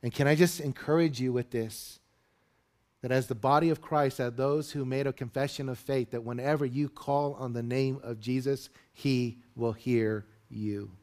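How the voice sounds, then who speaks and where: A man preaching a sermon to his congregation in an earnest, expressive way. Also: normal speed. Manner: earnest preaching, rising loud and high when dramatizing the disciples. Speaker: pastor.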